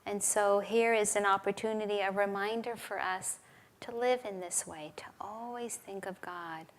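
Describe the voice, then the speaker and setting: A woman giving a relaxed, conversational sermon at a spiritual service, telling stories and laughing now and then. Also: mid-range voice, moderate pace. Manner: conversational, with laughs and acted quotes. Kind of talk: sermon with storytelling.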